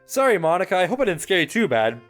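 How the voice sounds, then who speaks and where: A bubbly, excitable schoolgirl read aloud by a man playing a visual novel, her voice jumping high and lively. A bit of game music hums behind. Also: fast talker. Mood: cheerful. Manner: upbeat and excitable. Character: bubbly, cheerful teenage schoolgirl.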